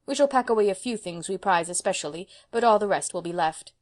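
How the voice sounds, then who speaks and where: A woman's voice: medium pitch, lively intonation, quick pace, natural voice. Woman reading as Miss Patty, emphatic old spinster. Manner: emphatic, forthright and stern. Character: brisk proud old spinster woman, seventy.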